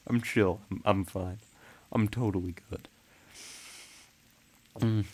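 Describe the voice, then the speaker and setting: Fairly low-pitched and slightly rough, this man's voice is slow, a little mellow, and fairly even in intonation. He giggles and laughs often while rambling casually with viewers during a game stream.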